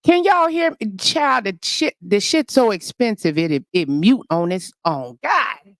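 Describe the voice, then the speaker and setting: Woman host, brash and gossipy, mid-pitched voice, dry close sound. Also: sing-song, a little slow, dry recording. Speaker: livestream host. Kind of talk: casual livestream rant.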